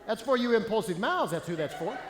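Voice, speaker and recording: A man giving a comedic stage seminar as a speaker, animated, punchy and playful. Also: high-pitched, noisy background. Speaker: motivational speaker. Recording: echoey hall, faint ambience.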